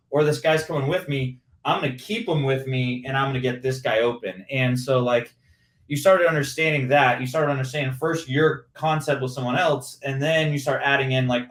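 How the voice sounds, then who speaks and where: A man in his forties talks in a lively, detail-heavy way, walking through plays step by step as an interview guest. His voice sits at a middle pitch, and the recording carries a noticeable roomy echo. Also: brisk, recorded from a distance. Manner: animated, explains with hands-on play-by-play detail. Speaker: former pro football receiver, podcast guest. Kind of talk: conversational interview. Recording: roomy, echoey room sound.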